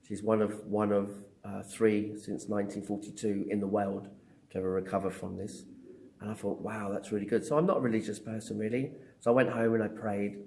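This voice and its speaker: A man's voice: lowish voice, a little fast, vocal fry, slight background noise. A middle-aged man, a psychic medium, telling his story in an interview, acting out the dialogue with lots of ums. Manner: animated storyteller, acts out dialogue with hesitant ums.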